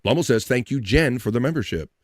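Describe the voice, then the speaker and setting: A man's voice: medium pitch, lively intonation, quick pace, no echo, clean studio sound. Upbeat man hosting a livestream. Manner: upbeat, shout-outs to chat, radio-style. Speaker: livestream host. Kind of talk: casual chat show hosting, reading chat.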